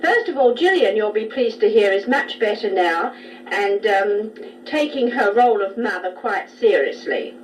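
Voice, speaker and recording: Chatty middle-aged aunt on tape. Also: female voice, medium pitch, lively intonation, normal speed. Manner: chatty and proud. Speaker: aunt and new grandmother sending a taped message. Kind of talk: spoken letter on tape. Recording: distant home tape recording with hiss.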